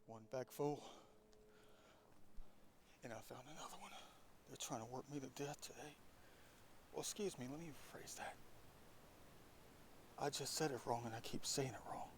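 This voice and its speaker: A man's voice: mid-range voice, moderate pace, pauses often, slight background noise. Man musing aloud, half-whispering outdoors. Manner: musing, often drops to a whisper. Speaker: vlogger. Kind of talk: casual outdoor vlog narration. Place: outdoors in woods. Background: insects and crickets.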